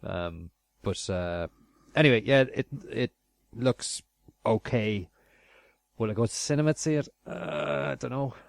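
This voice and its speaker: A chatty man hosts a casual review show, filling gaps with ums and easy laughter. His voice sits at a middle pitch. The sound is dry and close. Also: unhurried, creaky, no room sound. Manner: chatty, laughs often, trailing fillers. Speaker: podcast host. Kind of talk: casual chat.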